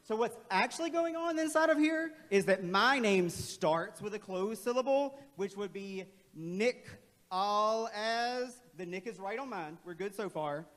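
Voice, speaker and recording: A man leading a playful, energetic, interactive staff training workshop in a large auditorium. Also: sits high, moderate pace, few pauses. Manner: playful, energetic, calls on the crowd. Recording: long hall reverb.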